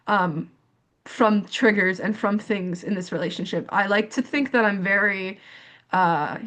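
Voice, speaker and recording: Candid young woman telling her story. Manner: animated storytelling, acts out quoted dialogue in higher pitch; frequent fillers and repetitions. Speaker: panelist sharing lived experience. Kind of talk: candid personal account on a panel.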